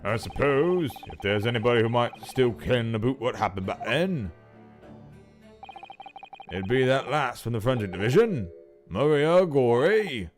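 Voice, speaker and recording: Man putting on a gruff Scottish old prison governor. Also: medium pitch, expressive, unhurried, soft background music, pitched above the performer's own voice, natural voice. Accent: put-on Scottish. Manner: brusque, folksy, uses Scots words. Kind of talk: voicing a game's dialogue.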